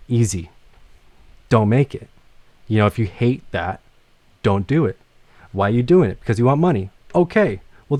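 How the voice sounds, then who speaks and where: A man's voice: on the low side, a little mellow, dry recording. A man teaching music production in a casual livestream lecture, rambling with many fillers and some swearing.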